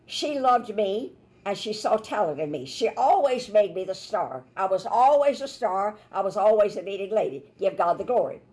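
A woman minister teaches scripture with lively energy. She tells everyday stories and slips into the voices of the people she quotes. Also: mid-range voice, moderate pace. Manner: animated storytelling, acts out quoted voices. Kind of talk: Bible teaching sermon.

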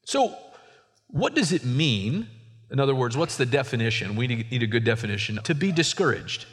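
A man preaching a sermon as a pastor, swinging from soft asides to sudden high emphasis. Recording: hall reverb.

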